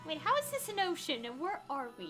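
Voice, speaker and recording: A woman's voice: sits high, very animated, brisk, a bit bright. A woman streaming a game, reading its dialogue aloud with chatty, giggly asides. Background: game music.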